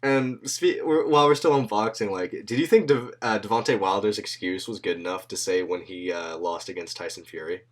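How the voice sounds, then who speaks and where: A man's voice: lowish voice, a little fast, few pauses. A man hosting a podcast in loose, slangy casual chat, swearing freely and laughing often. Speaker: podcast host.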